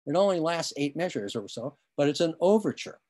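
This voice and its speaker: A man's voice: on the high side, lively intonation, fairly quick, a little mellow. Man lecturing over a video call. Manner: explanatory, with frequent fillers and restarts, hums rhythms. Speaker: lecturer on music history. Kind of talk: online lecture.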